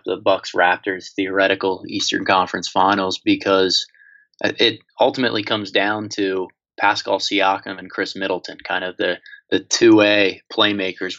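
A man co-hosting a casual sports podcast, talking through basketball in a measured, analytical way. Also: deep voice, bright, forceful tone. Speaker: podcast co-host. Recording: slightly dull lo-fi audio.

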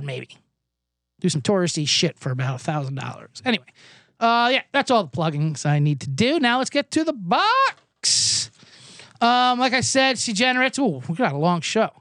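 A man's voice: high-pitched, big pitch swings, normal speed, gravelly, long pauses, pushed and bright, no echo, studio quality. A man hosting a podcast, telling a rambling, self-deprecating comedic story while he recovers from a cough. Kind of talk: comedic casual monologue. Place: indoors, Los Angeles.

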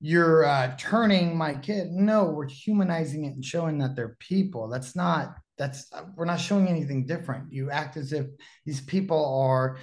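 A man telling an anecdote in casual conversation, animated, laughing often and using many fillers. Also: fairly high pitch, normal speed, hardly any pauses. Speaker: guest storyteller.

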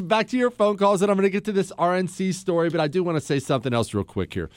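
A man hosting a talk radio show, chatting casually with quick asides and frequent chuckles. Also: sits high, animated, no room sound. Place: radio studio.

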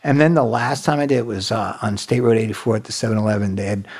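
A man telling stories in casual chat, swearing often and jumping into squeaky put-on voices. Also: quick pace, darkish tone, husky. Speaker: storyteller guest.

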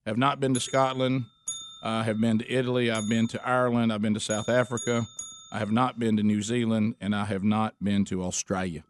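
A man's voice: lowish voice, level tone, fairly quick, a little hiss or hum. A man hosting a radio show, bantering and joking. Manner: joking, upbeat presenter patter.

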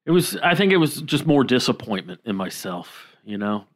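An easygoing man chats on a podcast. He tells a story at a relaxed pace with lots of "uh" pauses and little self-deprecating chuckles. His voice is average in pitch. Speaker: podcast co-host. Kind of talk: casual chat.

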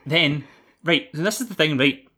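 A man's voice: fairly high pitch, expressive, normal speed, pushed and bright, slightly rough. A man with a Scottish accent, co-hosting a podcast and recapping a film in a rambling, jokey, sweary way. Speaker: podcast co-host. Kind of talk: casual film recap chat.

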